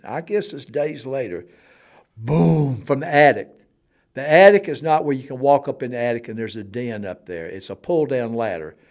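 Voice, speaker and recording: A man spins a personal tale in relaxed conversation. He drops his voice low for the quiet parts, then bursts loud and high to act out the booming and the shouting, laughing along the way. His voice sits at an ordinary middle pitch for a man. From Alabama. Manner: animated, swings from hushed to loud for sound effects, laughs often. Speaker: storyteller guest on a talk show. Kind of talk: casual storytelling conversation.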